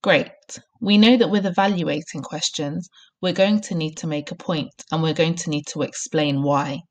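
A primary school teacher gives a recorded reading lesson, with clear, encouraging instructions. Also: female voice, sits low, fairly even intonation, moderate pace, a little mellow.

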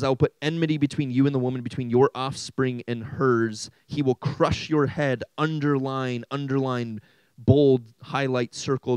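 An animated young man gives a sermon to a teenage youth group, asking the room question after question and joking along the way. His voice sits at a middle pitch, and the sound is close and dry, with no echo. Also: smooth. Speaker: youth pastor.

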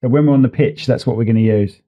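Guy on a studio mic, casual rambly podcast chat, mid-pitched, keeps correcting himself. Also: fast, muffled recording. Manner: rambling, self-correcting, easygoing. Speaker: podcast co-host. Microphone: studio microphone.

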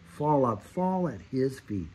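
A man's voice: mid-range voice, sing-song, slow, darkish tone, slightly rough, low-quality recording. A man in his fifties giving an earnest, exhorting sermon and repeating his key phrases. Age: 50s. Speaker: Christian speaker.

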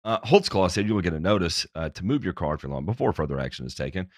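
A man co-hosting a podcast, reading news items with sarcastic, profane, animated commentary on a close mic. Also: deep voice, quick pace, no echo. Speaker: podcast co-host.

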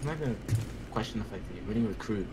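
A man chatting casually with friends over voice chat while gaming, calling out enemies in quick bursts and laughing often. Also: on the low side. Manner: excitable, fast callouts, laughs a lot. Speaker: gamer playing with friends. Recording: noisy game audio mixed in.

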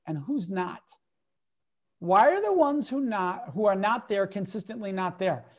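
An emphatic male speaker, a guest educator in an interview, lays out his points with lively energy and slips in acted-out quotes as he tells anecdotes. His delivery is expressive and driven. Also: sits high, a little slow. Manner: emphatic, lively, acts out quotes in different voices.

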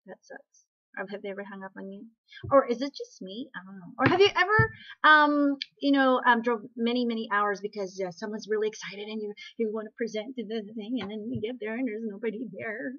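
Woman vlogger, higher-pitched, chatty rant with rhetorical questions, muffled home webcam audio. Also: fairly quick. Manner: animated, repeats rhetorical questions, many restarts. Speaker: network marketing vlogger. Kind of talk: casual talking-to-camera rant.

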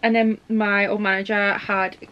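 A woman's voice: mid-range voice, level tone, normal speed, smooth, dull audio. A young woman vlogging about books to camera at home, chatty and gushing, full of "like" and "um". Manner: chatty, fills talk with "like" and "um"; gushing, squeals with delight. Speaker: book vlogger. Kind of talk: casual chat to camera. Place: home library room. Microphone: camera mic.

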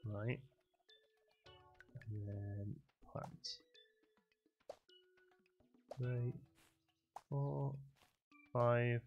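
A man chats loosely through a game stream, thinking aloud as he goes. His voice has a gravelly, creaky edge at a middling pitch. Soft game music plays quietly underneath. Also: drawn-out words, pauses often, muffled recording. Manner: chatty, thinks aloud while playing. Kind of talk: casual gameplay commentary.

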